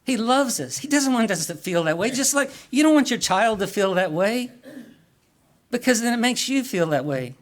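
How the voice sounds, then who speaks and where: A man's voice: extremely high pitch, animated, normal speed. A man preaching a sermon in an earnest way, asking the congregation questions and often repeating or restarting words.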